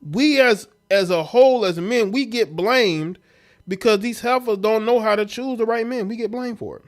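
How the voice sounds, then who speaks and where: A man's voice: sits high, normal speed. A man hosting a livestream who comments bluntly and scornfully, speaking straight to his viewers. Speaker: livestream host.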